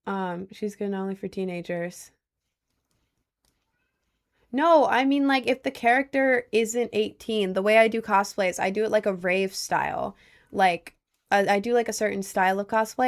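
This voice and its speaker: A young woman livestreaming from home, chatting casually and answering viewer messages, rambling with lots of fillers. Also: medium pitch. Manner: rambling with many likes and I don't knows.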